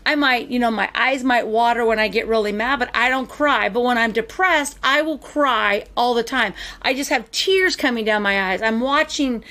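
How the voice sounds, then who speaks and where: A woman hosting a podcast, telling stories in casual chat with animated emphasis. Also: on the high side, moderate pace, hardly any pauses. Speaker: podcast host.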